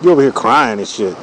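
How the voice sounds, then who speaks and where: A man in his forties with a medium-pitched, fairly bright voice riffs through a loose, profane comedic monologue while drawing cartoons, filling it with "you know." The recording is low quality, with a little hiss or hum.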